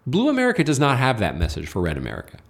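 A man's voice: medium pitch, huge pitch swings, very fast, vocal fry. A man speaking as a guest writer in a political interview, arguing his point and acting out quoted exchanges. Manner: argumentative, acts out quoted dialogue.

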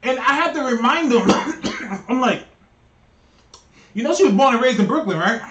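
A man co-hosts a livestream, reading the chat aloud and asking questions with hesitant restarts. His very high voice is expressive and a bit bright, at a moderate pace. The sound is roomy and off-mic.

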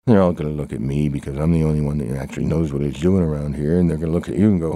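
Deep, dark-voiced man rambling deadpan. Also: very fast, few pauses, no room sound, clean studio sound. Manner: rambling, full of "you know" and restarts. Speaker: comic storyteller. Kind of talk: improvised comic back-and-forth.

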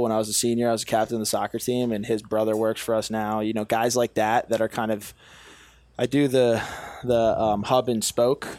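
A man's voice: fairly low pitch, a little mellow, no echo. A young man talking as a podcast guest about his business, earnest and self-assured, often restarting his phrases. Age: young adult. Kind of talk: casual podcast chat.

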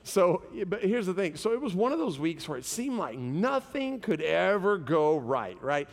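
A man's voice: a little high, very animated, normal speed, long reverb tail. A pastor in his thirties preaching a sermon, conversational and telling stories with humor.

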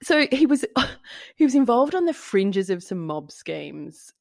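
A woman co-hosting a podcast, chatting about a true-crime story in an animated, joking way, often laughing and sometimes swearing. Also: mid-range voice, a little slow, vocal fry, no room sound, clean studio sound. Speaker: podcast co-host. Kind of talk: casual true-crime chat.

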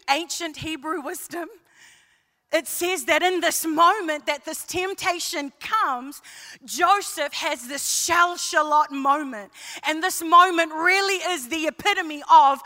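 A woman preacher giving an emphatic sermon, repeating key phrases and building to passionate shouting. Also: high voice. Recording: long hall reverb.

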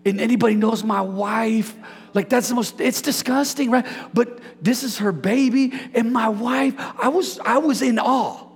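Pastor, male, high and husky with gravel, animated preacher, echo of a big church hall. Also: unhurried. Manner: animated, preachy, jokes with congregation. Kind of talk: sermon. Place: church sanctuary. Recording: hall reverb.

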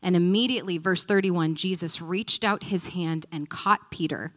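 A woman's voice: lowish voice, normal speed. A woman teaching a Bible study in a conversational, thinking-aloud way, acting out the stories she tells. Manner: animated storyteller, acting out quotes.

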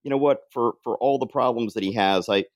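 A man's voice: medium pitch, fairly quick, no room sound, clean studio sound, natural voice. A man voicing an earnest young woman who stammers as she pleads for the man she loves. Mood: pleading.

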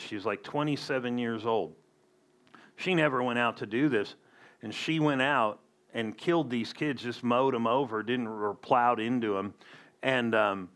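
A man's voice: medium pitch, fairly bright tone. A man preaching a sermon as a pastor, emphatic with conversational asides.

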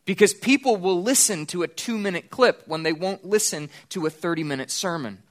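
A man preaching a sermon as pastor, earnest, slowing down to stress key points. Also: sits high.

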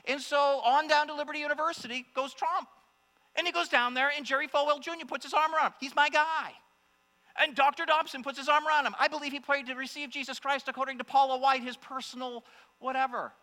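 A man preaching a sermon to a congregation, impassioned, swinging between loud exclamations and hushed asides. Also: extremely high pitch, fairly even intonation, quick pace. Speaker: pastor. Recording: long hall reverb with mains hum.

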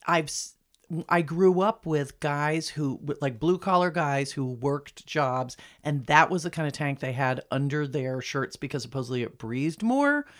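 A woman's voice: low voice, expressive, a little slow. A woman in her forties, co-hosting a podcast in casual chat and telling stories with chatty asides. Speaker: podcast co-host.

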